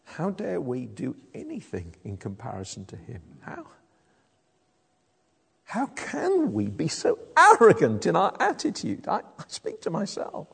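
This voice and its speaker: A middle-aged man preaching a sermon, emphatic, moving between loud declarations and low, hushed lines. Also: vocal fry, breathy edge. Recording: echoey hall from a distance.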